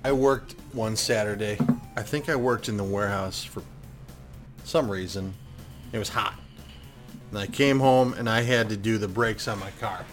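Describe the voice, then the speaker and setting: A man in casual chat, telling a rambling story with lots of swearing and acting out what he said back then, sometimes getting loud. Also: lowish voice, moderate pace, pauses often, music in the background. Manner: animated, swearing, acts out his own past talk loudly.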